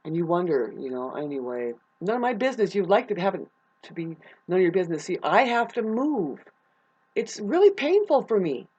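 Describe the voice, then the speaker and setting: A woman's voice: lowish voice, very animated, brisk, mellow, slightly rough, highs cut off. A middle-aged woman venting at home in a rambling, agitated personal monologue, swearing often. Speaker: vlogger.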